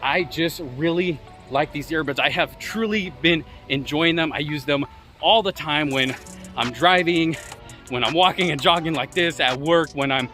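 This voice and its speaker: Man, bright tone, slightly high pitch, chatty and loose, walking outdoors, recorded on a phone, faint background music. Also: moderate pace. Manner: chatty, loose, with many fillers. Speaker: tech vlogger. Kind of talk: casual walk-and-talk review. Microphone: phone he carries with him.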